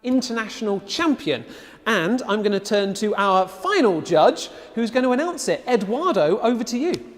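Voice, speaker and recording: A man's voice: sits high, animated, normal speed, in a large hall. A man hosting a live online event, upbeat and chatty with frequent fillers. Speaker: host.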